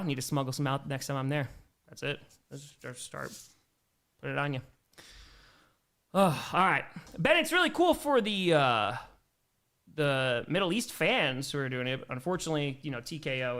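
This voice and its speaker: A young American man hosting a livestream, calling plays and chatting with viewers. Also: fairly high pitch. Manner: switches between excited play calls and chatty replies to viewers. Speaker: livestream host doing play-by-play. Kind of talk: casual livestream play-by-play and chat.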